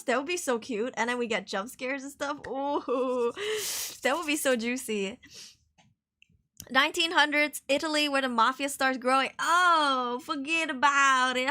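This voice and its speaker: A woman's voice: sits high, sharp tone. A woman streamer chatting through a game trailer watch-along, giggly and reactive.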